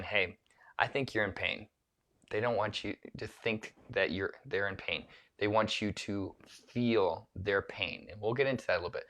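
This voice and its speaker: Male speaking coach, low-ish voice, loose rambling delivery with frequent restarts. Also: fairly bright tone. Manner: rambling, self-correcting, with many restarts and filler words. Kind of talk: solo talk to camera on empathy.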